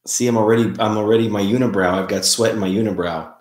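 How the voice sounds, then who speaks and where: A man hosting a casual live stream, chatting in a relaxed way and greeting viewers by name. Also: on the low side, quick pace. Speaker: livestream host. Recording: roomy, echoey room sound.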